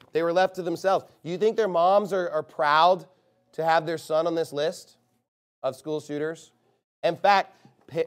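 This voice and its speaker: A man preaches a sermon, shifting between soft, low passages and loud, emphatic ones, and slows down to press home key phrases.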